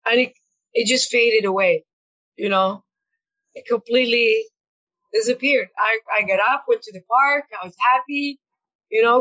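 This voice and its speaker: A woman's voice: mid-range voice, moderate pace, bright, forceful tone, lo-fi sound. A woman coach speaking as a podcast guest, talking in a reflective, earnest way with frequent fillers and repeated words. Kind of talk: conversational interview.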